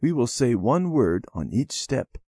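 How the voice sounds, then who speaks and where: A man's voice: mid-range voice, big pitch swings, unhurried, warm tone, husky, dry recording. A man voicing a young boy in a storybook, earnest and reassuring.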